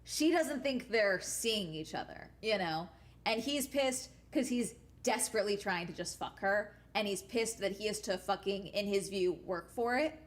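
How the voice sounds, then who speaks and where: A young woman talks to her stream in casual chat. She is blunt and swears freely. She tells her stories in an animated way, stopping often to check in with her listeners. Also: mid-range voice. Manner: blunt and profane, animated storytelling.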